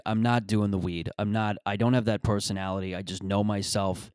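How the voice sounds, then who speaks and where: Comedian host, man, lowish voice, dry close recording, rambling profane monologue. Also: expressive, fairly quick, gravelly, darkish tone, clear, resonant tone, no room sound. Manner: rambling, profane, self-deprecating.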